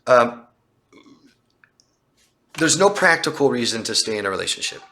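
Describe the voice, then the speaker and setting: Male life coach, live Q&A, bright edgy tone, emphatic and rhetorical. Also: mid-range voice, very animated, normal speed. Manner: emphatic, rhetorical questions, acts out quoted lines in a raised voice.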